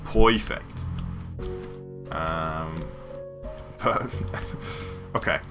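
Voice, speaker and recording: A British man streaming a block game, talking softly through his build and trailing off into quiet ums and asides. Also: fairly low pitch, expressive, a little slow, over music. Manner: soft-spoken and mumbling, full of ums and quiet trailing asides. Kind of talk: casual build commentary while streaming.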